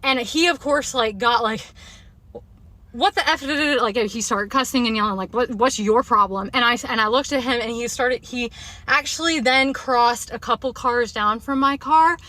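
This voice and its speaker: A woman's voice: a little high, moderate pace, pushed and bright, dry recording. A woman in a self-filmed rant, speaking in an emphatic, agitated way. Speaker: video poster.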